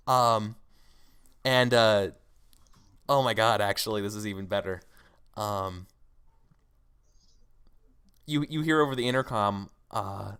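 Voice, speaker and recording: A man's voice: medium pitch, expressive, measured pace, long pauses, fairly bright tone, clean tone. A man narrating a scene as game master in a tabletop role-playing game, rambling with many fillers.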